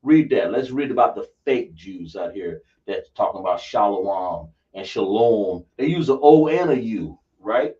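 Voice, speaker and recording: A religious instructor with a fairly low, mellow voice speaks expressively and unhurriedly, with few pauses. He teaches with emphasis and poses rhetorical questions to his listeners. The lo-fi recording sounds dull and distant.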